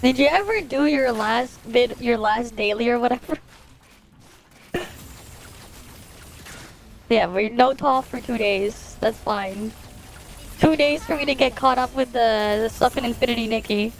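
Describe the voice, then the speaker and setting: While game music plays, a woman streams a game and chats casually with her viewers, laid-back, swearing and laughing a lot. Her voice is fairly high, her pace measured with frequent pauses, and there's slight background noise.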